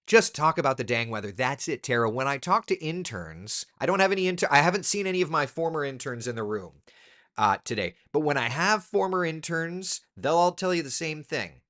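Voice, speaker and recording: In a laid-back live chat, a male meteorologist reads through viewer comments and voices his opinions. He speaks a little fast with a sing-song, slightly bright voice, and his pitch swings up sharply whenever he makes a point.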